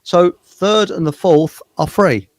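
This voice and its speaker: A man's voice: high voice, slow, no echo. A male host in casual chat, scattered and starting thoughts over. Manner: scattered, restarts mid-thought.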